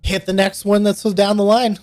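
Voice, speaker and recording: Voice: medium pitch, little pitch movement, moderate pace, a little mellow, dry recording. Casual player on a dry mic, faint music. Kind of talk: tabletop play over voice chat.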